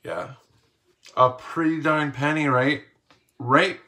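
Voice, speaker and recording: A man's voice: fairly high pitch, slow, bright, forceful tone. A man casually reading questions aloud and answering them in a playful, slangy, self-mocking vlog. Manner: reads each question aloud, then answers. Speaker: vlogger.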